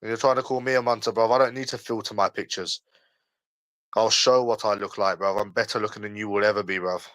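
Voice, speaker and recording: A man's voice: lowish voice, fairly even intonation, a little fast, a bit bright, dry recording, poor audio. A young man in his early twenties with a London accent, hosting a casual livestream and answering chat in a defensive, argumentative, slangy way that keeps repeating points. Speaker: livestream host.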